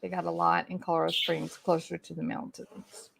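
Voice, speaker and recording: A woman's voice: lowish voice, little pitch movement, a little fast, creaky, slight background noise. A middle-aged woman hosting a casual livestream from home, chatting folksily and addressing viewers by name. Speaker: livestream host reading chat. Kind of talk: casual chat.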